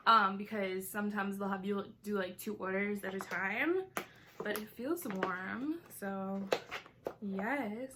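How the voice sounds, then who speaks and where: With a medium-pitched, sharp-toned voice and slight background noise, a twentysomething vlogger chats while eating for a mukbang video. She says "like" a lot and keeps tossing in giggly asides.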